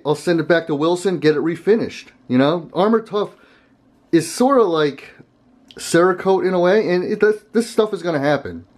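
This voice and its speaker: A man hosting a casual gun vlog, talking to camera in a rambling, conversational way and chuckling often. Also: on the high side. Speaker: gun channel host.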